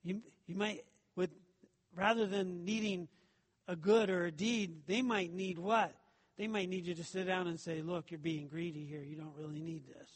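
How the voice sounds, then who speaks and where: A man's voice: sits high, fairly even intonation, moderate pace, slightly rough, big-room sound. A man preaching a sermon as pastor, talking it through with the congregation and asking rhetorical questions.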